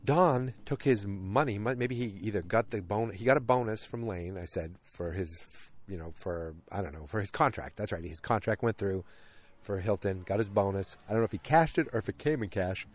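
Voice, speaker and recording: A man hosting a casual solo podcast, retelling a TV episode at home in a rambling, animated way full of fillers and restarts. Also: lowish voice, moderate pace. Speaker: podcast host recapping a TV episode. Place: at home, alone at night.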